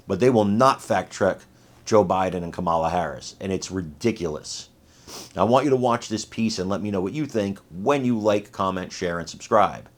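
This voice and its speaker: A man hosting his channel, giving emphatic, indignant political commentary. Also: on the low side. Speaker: channel host.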